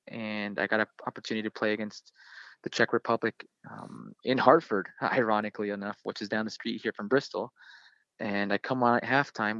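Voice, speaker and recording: A man's voice: fairly low pitch, fairly bright tone, dry recording, lo-fi sound. A man in his thirties, a soccer player, animatedly telling a story in an interview with lots of fillers. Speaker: guest, professional soccer player.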